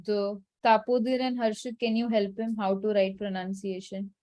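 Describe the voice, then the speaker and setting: A woman teaching French in an online class, patient and instructive but gently firm with her students. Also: mid-range voice, little pitch movement, moderate pace. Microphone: video call.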